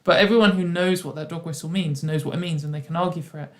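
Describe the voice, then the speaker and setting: A woman's voice: low voice, steady tone, fast talker. Chatty rambling woman on a stream. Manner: rambling, with many restarts and ironic quoted voices. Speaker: host. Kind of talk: casual livestream chat.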